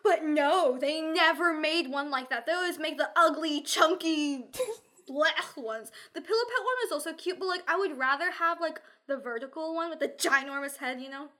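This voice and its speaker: A woman with a notably high voice chats on a podcast with her friends. She gushes about what she loves and laughs easily. Her talk is loose and casual, full of fillers. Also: pushed and bright. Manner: bubbly, gushing, quick to laugh. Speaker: podcast co-host. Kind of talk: casual chat among friends.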